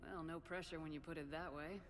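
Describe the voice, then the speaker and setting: A woman's voice: low-pitched, fairly even intonation, a little fast, natural voice. Actress as dry-witted female commander, game dialogue, music behind. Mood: wry. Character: human female commander, wry and steady.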